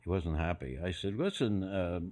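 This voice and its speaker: Older man, podcast guest, casual storytelling, animated, acts out quoted voices, fillers and restarts. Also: low voice, normal speed. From Philadelphia.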